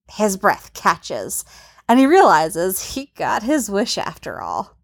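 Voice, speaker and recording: A woman narrating a romance story in a soft, intimate voice. She takes her time, letting each phrase linger at a slow pace in a middle register. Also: medium pitch, huge pitch swings, creaky.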